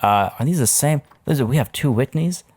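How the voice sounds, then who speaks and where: A man's voice: medium pitch, expressive, fairly quick, darkish tone. A man talking casually as a gaming YouTuber over a let's play, chatty and rambling with many fillers.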